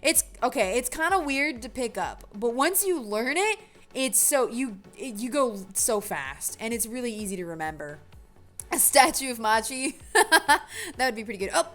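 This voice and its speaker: A young woman chatting casually while building a game on a livestream, talking to her chat, often correcting herself and brightening with sudden excitement. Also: fairly high pitch, moderate pace, soft background music. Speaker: game dev streamer.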